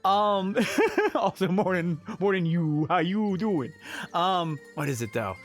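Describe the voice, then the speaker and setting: A man chatting casually with his stream audience as he tells a story, animated and often laughing. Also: sits high, slow, soft background music. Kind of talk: casual story time chat.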